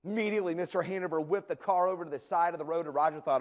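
A male preacher tells a story in an animated sermon style, often doubling back on his words. His voice sits fairly high for a man. The sound rings with a long reverb, as in a large hall. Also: very fast. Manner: animated, repeats words while telling a story.

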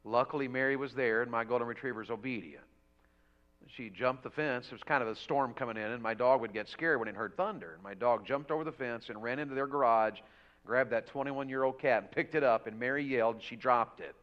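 A man's voice: mid-range voice, brisk. Fervent preacher man, lo-fi church audio. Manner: storytelling, rising to loud fervent exhortation. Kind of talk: revival sermon. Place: church sanctuary.

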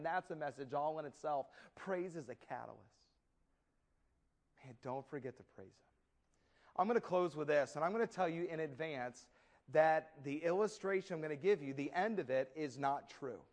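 A man preaching a sermon, dramatic and storytelling, swinging between loud declaiming and soft asides with folksy humor. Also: fairly high pitch, moderate pace.

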